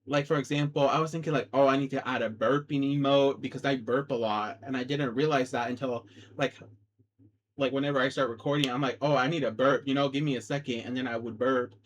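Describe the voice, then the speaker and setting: A man's voice: medium pitch, fairly even intonation, a little fast, muffled recording, a little hiss or hum. A man vlogging casually to camera, rambling in a chatty, self-deprecating way through a cheap microphone. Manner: chatty and self-deprecating, with many fillers like "dude" and "like". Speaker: vlogger starting a gaming channel.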